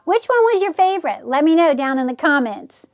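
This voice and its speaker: A woman with a high, very animated voice hosts a DIY craft channel, walking through a casual tutorial one step at a time. She explains in an unhurried, chatty way and gushes over the results, gasping and squealing at her crafts.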